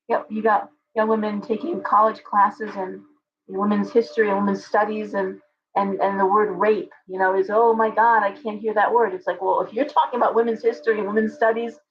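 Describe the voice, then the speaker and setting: A woman hosts a live stream and talks straight to her chat, ranting with strong opinions. Her voice sits at an ordinary middle pitch. The audio is dull and lo-fi. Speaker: livestream host.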